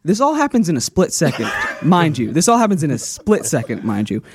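A man's voice: fairly high pitch, wildly swooping pitch, fairly quick, background noise. A man, co-hosting a radio show, telling stories in casual comedic banter and laughing often. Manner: storytelling with frequent laughter.

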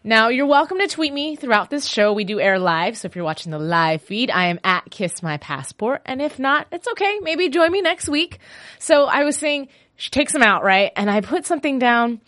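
A woman's voice: fairly high pitch, normal speed, no echo, studio quality. A woman hosting a show, talking casually and animatedly, often acting out quotes. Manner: chatty and animated, quoting characters in voices. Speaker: host. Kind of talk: casual recap podcast.

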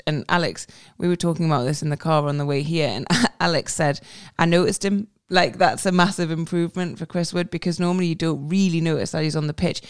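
A woman's voice: deep voice, clear, resonant tone, no echo, clean studio sound. A woman co-hosting a podcast, chatting casually about football in a rambling way with many fillers. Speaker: podcast co-host. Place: recorded in person with co-hosts.

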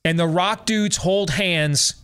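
A man's voice: high voice, slow, a bit bright, smooth. A middle-aged man hosting a talk show, giving a sarcastic, exasperated and emphatic rant about a film. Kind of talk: opinionated movie-review rant.

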